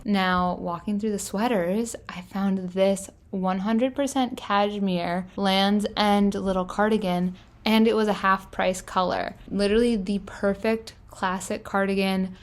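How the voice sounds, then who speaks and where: Young woman, casual vlog voice-over, chatty and upbeat, scattered filler words, mid pitch. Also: fairly even intonation, unhurried, hardly any pauses. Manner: chatty, enthusiastic, lots of "like" fillers. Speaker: fashion vlogger. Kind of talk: casual thrift-haul voice-over.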